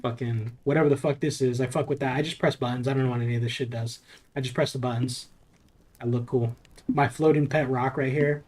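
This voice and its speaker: A man's voice: mid-range voice, steady tone, fairly quick, darkish tone. A young man from Southern California streaming a game, chatting casually in a loose, profane, rambling way. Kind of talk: casual live-stream chat while playing.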